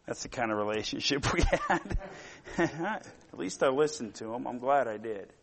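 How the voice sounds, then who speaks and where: A middle-aged man preaching a sermon, telling stories in a rambling way with many fillers and growing loud and animated when he gets worked up. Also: medium pitch, moderate pace, creaky. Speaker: pastor.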